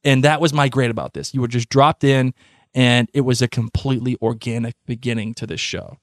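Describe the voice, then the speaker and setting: Man, podcast co-host, casual animated chat, stumbles and restarts often, dry close sound. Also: mid-range voice, a little fast, dry recording.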